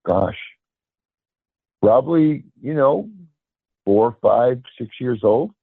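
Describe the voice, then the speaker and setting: A man's voice: mid-range voice, expressive, takes it slowly, dry recording. A man calling in, hesitantly telling a personal story and often restarting his words. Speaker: caller. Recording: phone line, dry and gravelly.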